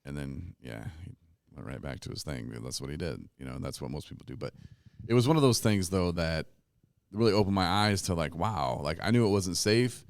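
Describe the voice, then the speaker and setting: A man with a very low voice hosts a casual podcast chat, telling animated stories and laughing along the way. The sound is dry and close, with no room around him. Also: a little fast, creaky, clean tone, no echo. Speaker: podcast host. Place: recovery retreat.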